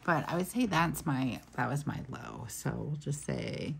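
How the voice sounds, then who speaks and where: A woman's voice: extremely low pitch, lively intonation, unhurried, vocal fry, faint music behind. A woman in her thirties chatting casually while she plans in her journal, telling stories with lots of asides. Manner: chatty, storytelling, trails off into asides. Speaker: planner vlogger. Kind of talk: casual chat while planning.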